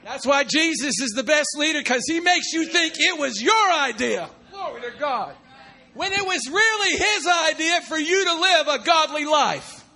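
Preaching a sermon, a man with a very high, bright, forceful voice keeps calling out "come on" and "glory to God." He's expressive and speaks at a normal speed, jumping from loud outbursts to quiet asides.

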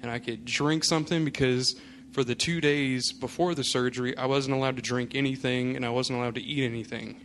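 A male pastor speaking at a middle pitch, loose and conversational, leaning on fillers as he tells a story. The telling has an easy, unhurried sermon feel. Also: steady tone, a bit bright. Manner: casual storytelling, many fillers. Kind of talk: sermon with personal anecdote.

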